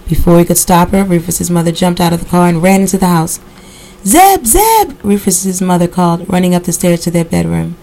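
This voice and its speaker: A woman reads a dark novel aloud for her podcast, keeping a steady pace. Her voice sits low and carries a gravelly rasp, and she stops now and then for relaxed asides. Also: quick pace, few pauses, rough recording. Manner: steady reading with casual asides. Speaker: podcast host reading a novel. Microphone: computer recording software.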